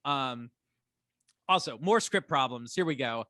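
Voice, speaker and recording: A man's voice: mid-range voice, measured pace, dry recording. A man co-hosting a casual rewatch podcast, ranting with energy and swearing often. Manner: animated ranting, swears a lot. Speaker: podcast co-host.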